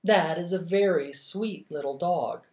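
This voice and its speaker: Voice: mid-range voice, lively intonation, measured pace, a little mellow, echoey room, natural voice. A reader voicing an elderly princess who speaks firmly and forthrightly, close to their own voice. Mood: polite. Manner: firm and forthright.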